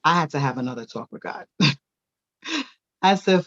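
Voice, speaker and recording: A woman, a daycare owner, telling her personal testimony in a church interview with animated storytelling. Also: low-pitched, unhurried, pauses often, lo-fi sound. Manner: animated storytelling, acting out quoted voices.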